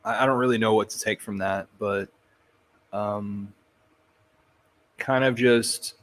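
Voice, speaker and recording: Man commentator, low voice, slow unhurried delivery, halting and searching for words. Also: steady tone, fairly bright tone. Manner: halting, thinking aloud with restarts. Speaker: crypto commentator. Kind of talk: casual commentary on clips.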